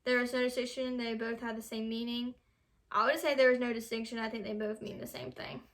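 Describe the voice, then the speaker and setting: Young american woman, kinda high voice, reading quiz stuff casually, trips on words sometimes. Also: flat delivery, brisk, fairly bright tone. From United States. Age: young adult. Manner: reads questions aloud, stumbles over words. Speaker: vlogger.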